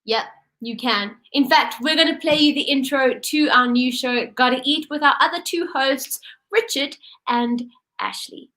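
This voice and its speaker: A woman's voice: high-pitched, normal speed, bright, forceful tone. A young woman ventriloquist, hosting casually, chatty and laughing often as she talks to camera. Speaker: host and ventriloquist. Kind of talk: casual cooking-show presenting.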